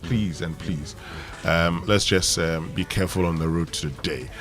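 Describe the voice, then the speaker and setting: A man's voice: sits low, a little slow, a bit bright, faint music behind. A man with a Ghanaian accent hosting a morning radio show and reviewing the papers, easygoing and full of fillers. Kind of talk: radio talk and newspaper review. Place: radio studio.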